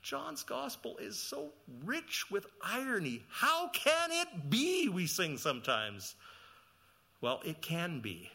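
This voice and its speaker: A man preaching a sermon, asking the listeners questions and reading scripture, rising to loud emphatic peaks and dropping to quiet low passages. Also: vocal fry. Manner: asks the listeners questions and reads scripture aloud. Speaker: pastor.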